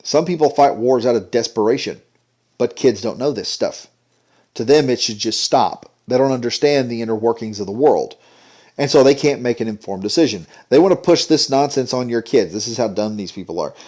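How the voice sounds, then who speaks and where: Man, indignant commentary rant, sarcastic, medium pitch. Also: expressive, a little fast, darkish tone. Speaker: commentary vlogger. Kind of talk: ranting commentary.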